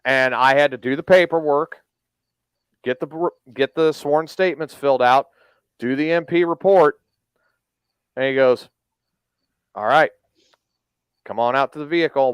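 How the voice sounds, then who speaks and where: Smooth-voiced man telling a blunt story. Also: medium pitch, normal speed, no echo. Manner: blunt, profane, acts out quoted dialogue. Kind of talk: casual storytelling.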